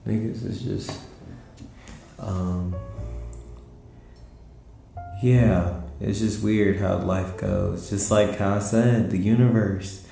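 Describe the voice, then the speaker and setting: A tired young man hosts his podcast late at night from home, drifting through slangy, laid-back talk. His voice sits very low, with a dark, mellow tone and a gravelly edge. The room adds a clear echo. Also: steady tone, takes it slowly, pauses often. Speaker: podcast host. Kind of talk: casual late-night monologue. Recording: roomy echo with faint music.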